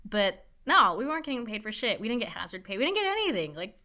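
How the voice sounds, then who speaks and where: A woman's voice: medium pitch, big pitch swings, quick pace, pushed and bright. A young woman nurse being interviewed, talking candidly and emotionally, swearing freely. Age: young adult. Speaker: nurse guest. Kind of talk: casual interview talk.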